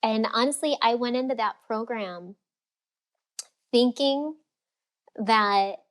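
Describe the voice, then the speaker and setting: A woman speaking as a guest coach in a casual podcast interview, talking in a lively way and acting out the voices of people she quotes. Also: on the high side, slow pace. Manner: animated, acts out quoted voices. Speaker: freedom and fulfillment coach, guest.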